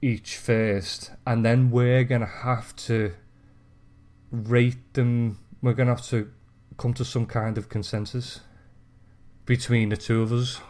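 Hesitant man, mid-pitched. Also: flat delivery, takes it slowly, a little mellow. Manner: hesitant, many ums and restarts, self-mocking. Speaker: podcast co-host. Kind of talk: casual chat.

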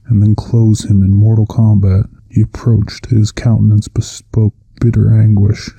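Flat, dark-voiced male narrator. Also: on the low side, gravelly, slightly rough, no room sound. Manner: measured, solemn reading. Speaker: audiobook narrator. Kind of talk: first-person reading of a classic novel.

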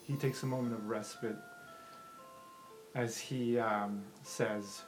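A man running a tabletop game as game master, describing scenes in a lively way that swings from hushed to excited. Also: on the low side, slow pace, long pauses, rough recording. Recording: background music under the voice.

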